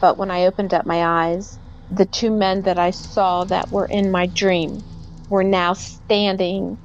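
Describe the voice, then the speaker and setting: A woman's voice: mid-range voice, level tone, unhurried, muffled recording, soft background music. A middle-aged woman, a podcast guest, recounting a personal experience and acting out the voices of the people in it. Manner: vivid storyteller who acts out quoted voices. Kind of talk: personal storytelling in an interview.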